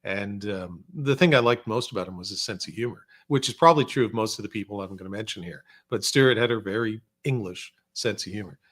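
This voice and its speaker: A man in a podcast studio telling animated, humorous stories as a guest, sometimes slipping into voices for quotes. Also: fairly low pitch, a little fast, hardly any pauses. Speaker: podcast guest, former researcher and filmmaker. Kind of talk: casual storytelling chat.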